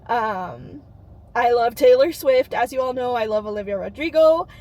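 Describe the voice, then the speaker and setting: A woman's voice: a little high, lively intonation, moderate pace, a little mellow. A woman in her thirties talking to camera in a bubbly, earnest vlog, with plenty of "um" and "like". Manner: bubbly, earnest, lots of fillers. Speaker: channel host.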